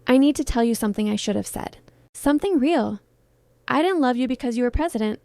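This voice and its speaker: A woman voicing a heartbroken film star in her thirties, speaking softly, tenderly and pleadingly in a dramatized story. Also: fairly high pitch, lively intonation, fast talker, vocal fry, no room sound, studio quality. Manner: soft, pleading, intimate.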